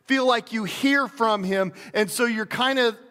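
A man's voice: extremely high pitch, a little slow, sharp tone, big-room sound. A man preaching a sermon as a pastor, talking in a conversational way with restarts and bits of acted speech.

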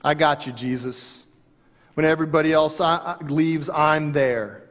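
A man's voice: on the high side, a little slow, fairly bright tone. A man voicing the apostle Peter as a brash, eager braggart, in a reverberant hall. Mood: boastful.

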